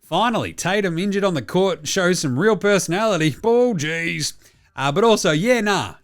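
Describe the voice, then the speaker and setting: A man's voice: high voice, lively intonation, moderate pace. An Australian man hosting a solo sports talk show, bluntly rambling and swearing constantly as he reads out listener messages. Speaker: podcast host.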